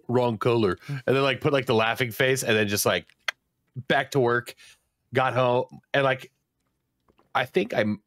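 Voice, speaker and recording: A man's voice: medium pitch, a little slow, long pauses, fairly bright tone, no room sound, clean studio sound. Laid-back, joking young man on a podcast. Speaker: podcast co-host. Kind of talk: casual chat.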